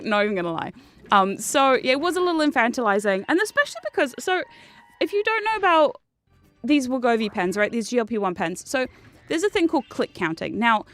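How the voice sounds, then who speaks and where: A young woman, telling a story casually and animatedly while she streams a game, with some swearing. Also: on the high side. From New Zealand. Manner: animated and swearing, with bursts of laughter.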